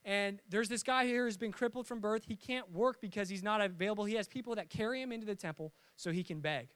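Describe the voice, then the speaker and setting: A young pastor tells stories from the pulpit in a lively, joking way, often acting out the voices of the people in them. His voice sits high for a man. The sound is dry and close, with no room echo. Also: fast, clear, resonant tone. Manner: lively storytelling with jokes and acted-out voices. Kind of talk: sermon.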